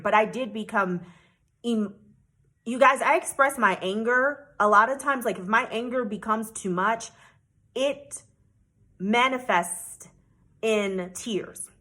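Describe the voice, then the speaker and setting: A woman's voice: on the high side, takes it slowly, pauses often, pushed and bright. A woman travel vlogger from the United States telling a personal story to camera, earnest and emotional with frequent restarts.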